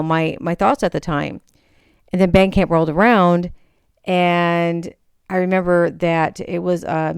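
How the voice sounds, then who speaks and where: A young woman hosts a podcast, telling a personal story in a storytelling monologue and animatedly acting out the voices of the people in it. Her voice is fairly low and smooth, recorded dry with clean studio sound.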